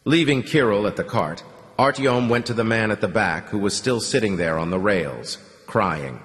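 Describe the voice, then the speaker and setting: A man narrating a novel in a steady, measured audiobook reading. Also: lowish voice. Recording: long hall reverb.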